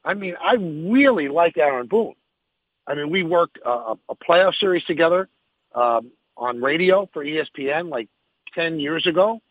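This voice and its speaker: A man's voice: on the high side, animated, normal speed, dry recording, phone-quality sound. A man who hosts sports radio, answering interview questions frankly and emphatically, thinking aloud as he goes.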